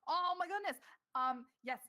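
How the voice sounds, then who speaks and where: Bright, bubbly young-sounding woman. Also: very high voice, lively intonation, moderate pace. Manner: bubbly, laughing. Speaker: player. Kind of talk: casual chat.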